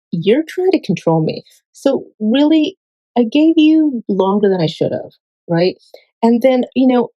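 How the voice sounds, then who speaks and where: A woman's voice: medium pitch, dark tone, no room sound, low-quality recording. A woman vlogger talking in a casual, rambling monologue, full of fillers and freely swearing. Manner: filler-heavy, digressive.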